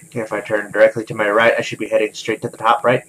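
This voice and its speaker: A young man calmly commenting on his own gameplay, talking to himself with many "okay"s. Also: on the low side, rapid-fire, slightly rough, low-quality recording. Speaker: gaming video host. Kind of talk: let's play commentary.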